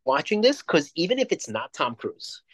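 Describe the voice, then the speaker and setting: A man's voice: on the high side, big pitch swings, normal speed, a bit bright. A man co-hosting a casual podcast, talking in a rambling, emphatic way with plenty of swearing. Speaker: podcast co-host. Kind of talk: casual chat.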